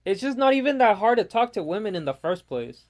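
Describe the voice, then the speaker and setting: A man's voice: sits high, very animated, a little fast, a little mellow. A young man ranting casually with lots of swearing while commenting over his gameplay. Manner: profane, exasperated ranting. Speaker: gaming YouTuber.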